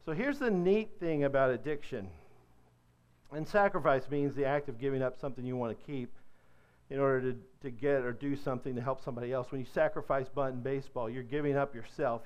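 Smooth-voiced Kentucky-born man teaching. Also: mid-range voice. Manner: conversational, asks the audience questions. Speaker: addiction counselor teaching a workshop. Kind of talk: church workshop teaching. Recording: dull lo-fi recording.

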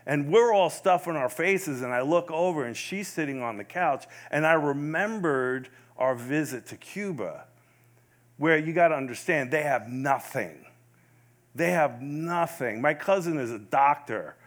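A man's voice: medium pitch, fairly bright tone. Earnest man telling a faith story. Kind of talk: storytelling testimony.

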